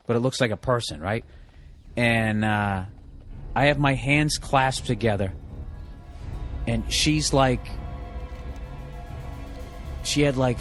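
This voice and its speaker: A man streaming a game, telling rambling, profane stories in a casual way and laughing at himself. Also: mid-range voice. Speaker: gaming streamer. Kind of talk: casual storytelling while gaming. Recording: game music behind voice. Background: game music.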